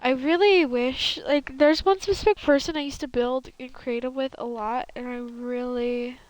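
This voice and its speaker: A woman's voice: high voice, fairly even intonation, moderate pace, smooth, low-quality recording. A young woman streaming a building game, chatting casually and rambling with lots of fillers in a valley girl lilt. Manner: rambling, filler-heavy, self-correcting. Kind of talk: casual chat while gaming.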